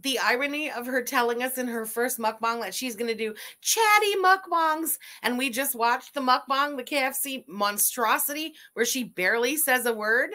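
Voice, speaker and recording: Bright-voiced sarcastic woman commentator. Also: on the high side, moderate pace, few pauses. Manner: sarcastic, disgusted critique. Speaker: commentary channel host. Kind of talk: reaction commentary over a video.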